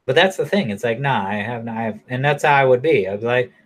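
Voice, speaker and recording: A man ranting casually to camera in a blunt, profane, rambling way, now and then mocking people in a high falsetto. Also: lively intonation, quick pace. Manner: mocks others in high falsetto. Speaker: vlogger.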